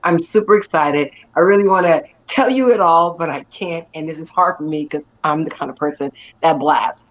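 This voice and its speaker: An actress and stunt performer telling stories with animated energy and frequent laughter during an interview. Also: female voice, deep voice, moderate pace, muffled recording. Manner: animated, laughs often, lively storytelling. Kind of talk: excited storytelling in an interview.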